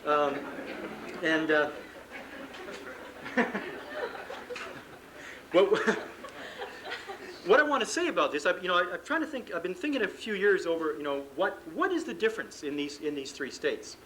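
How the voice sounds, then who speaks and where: A man's voice: high voice, very animated, a little slow, pauses often, sharp tone, slight background noise, rough recording. A man giving a live seminar to coaches on sports psychology, talking conversationally, acting out exchanges between coach and athlete, and joking about himself. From Canada. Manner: conversational, acts out coach and athlete dialogue, self-deprecating humor. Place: conference room before an audience.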